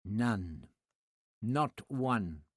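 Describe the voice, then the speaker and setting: A man reading an audiobook voices a scheming, sneering high priest with a husky, dry, drawn-out delivery. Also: big pitch swings, dry recording, full character voice. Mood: sly. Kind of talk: audiobook character voice.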